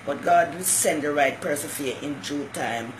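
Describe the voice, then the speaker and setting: A woman's voice: deep voice, moderate pace, background noise. A woman hosting her own talk show, giving folksy motherly advice and greeting viewers by name. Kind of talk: casual live-stream monologue.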